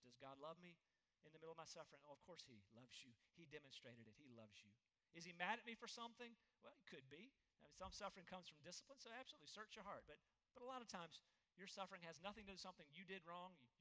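A man preaching a sermon as pastor, earnest, rising to emphatic points and dropping to hushed tones, in a church hall. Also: high-pitched.

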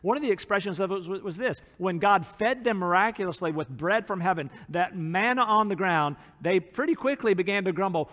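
A man's voice: high-pitched, lively intonation, a little fast, few pauses, fairly bright tone, in a large hall. A man preaching a sermon as pastor, earnest, acting out quotes from people in the text.

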